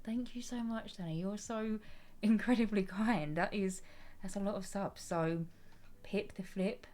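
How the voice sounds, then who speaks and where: A woman's voice: medium pitch, a little mellow. A woman chatting casually with her viewers during a live stream, affectionate and familiar, greeting everyone as her darling. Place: at home at her gaming desk.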